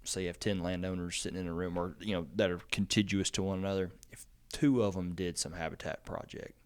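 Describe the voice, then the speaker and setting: A man with a fairly low voice hosts a casual agriculture podcast. He rambles through stories with plenty of "you know" and "um", and his voice lifts when he gets excited. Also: quick pace, clean tone. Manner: rambling storyteller, lots of fillers, animated when excited. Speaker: extension agent podcast host.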